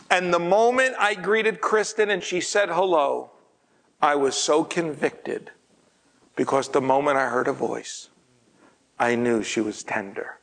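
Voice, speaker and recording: A man preaching, telling a personal story and often dropping to a hushed, breathy near-whisper. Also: on the high side, measured pace, low-quality recording. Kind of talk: storytelling sermon.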